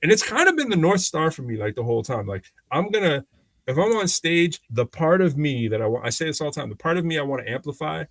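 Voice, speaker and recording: A man co-hosting a podcast, telling stories in a casual, animated way, often acting out what other people said and laughing as he goes. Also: on the high side, fast talker, no room sound. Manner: animated, acts out quoted voices, laughs often. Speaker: podcast co-host. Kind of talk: casual conversational storytelling.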